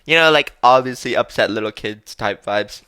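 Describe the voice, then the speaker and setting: A man's voice: medium pitch, normal speed, sharp tone, smooth, dry recording. A young man hosting a podcast, telling a story in a casual, joking way and swearing offhandedly. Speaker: podcast host.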